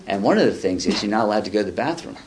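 A low-voiced man in his fifties shares at a recovery meeting, reading passages aloud and commenting on them in a loose, wandering, conversational way. His delivery is expressive, rapid-fire and a little mellow, and he makes dry jokes at his own expense, with a faint hum of room ambience behind him.

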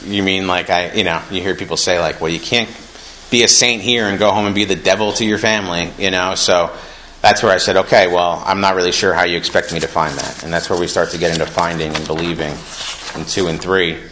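A young man with a very deep voice gives an earnest, conversational share at a recovery meeting. His tone is bright and forceful, and he moves from reading passages aloud to reflecting on them. A faint hiss of noise sits under the recording. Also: steady tone, fairly quick, low-quality recording.

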